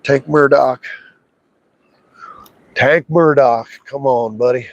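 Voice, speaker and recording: A man's voice: mid-range voice, fairly even intonation, slow pace, no echo, lo-fi sound. Chatty man narrating his fishing. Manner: chatty, talks to himself and the fish. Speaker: fishing livestreamer. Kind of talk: casual live commentary while fishing. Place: outdoors by a river.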